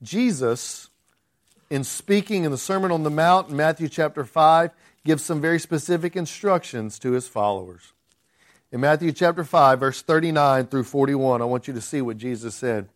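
A man's voice: on the high side, moderate pace. A man preaching a conversational sermon, often restarting phrases and rising to emphatic outbursts. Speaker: pastor.

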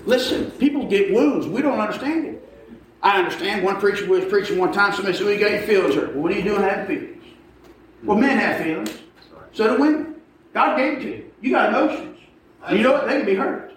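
Man, high voice, folksy preacher, emphatic sermon, distant mic, booming hall echo. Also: animated, fast. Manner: folksy, emphatic, calls for amens. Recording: echoey hall from far off, noisy.

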